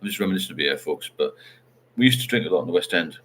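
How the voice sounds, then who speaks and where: Low-voiced rambling man. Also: expressive, rapid-fire, fairly bright tone, a little hiss or hum. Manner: rambling, reads out viewer comments. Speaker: livestream host. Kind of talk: casual livestream chat.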